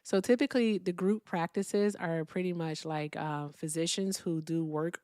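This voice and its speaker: A woman's voice: lowish voice, steady tone, normal speed, a little mellow, no echo, studio quality. A woman hosting a live call-in debate stream, chatting casually, thanking viewers by name and explaining things patiently.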